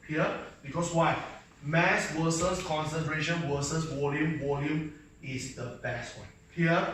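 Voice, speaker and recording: Bright-voiced Malaysian chemistry teacher in an echoey classroom. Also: male voice, fairly high pitch. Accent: Malaysian English. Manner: drilling students with constant check-in questions. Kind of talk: live classroom lecture. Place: school classroom. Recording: echoey room, mic far off, faint noise.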